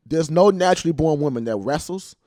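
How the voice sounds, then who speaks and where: A young man co-hosting a podcast, telling stories in a profane, animated casual chat. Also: fairly high pitch, brisk, no echo, studio quality. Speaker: podcast co-host.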